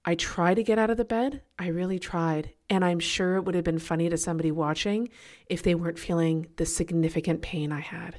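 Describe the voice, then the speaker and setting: A woman hosting a leadership podcast, telling a personal story in a chatty, animated way and laughing at herself now and then. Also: lowish voice, a little fast. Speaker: podcast host.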